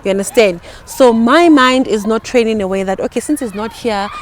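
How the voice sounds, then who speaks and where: A woman in a relaxed talk-show conversation, her voice at a mid pitch. She explains her view calmly, with a faint hiss of background noise under her voice. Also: brisk. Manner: calm, explaining, frequent affirming mm-hmms. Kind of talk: casual podcast chat.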